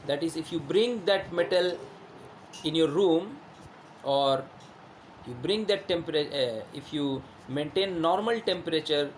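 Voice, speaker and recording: A man's voice: fairly high pitch, unhurried, a little hiss or hum. A male teacher giving a classroom lesson, who repeats himself, asks rhetorical questions and shows objects while explaining.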